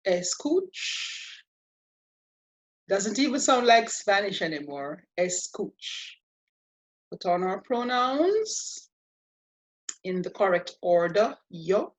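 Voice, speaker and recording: Slow, patient woman teaching a language. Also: mid-range voice, sing-song. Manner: patient and playful, spells out each step. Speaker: Spanish teacher. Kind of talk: slow, deliberate language lesson.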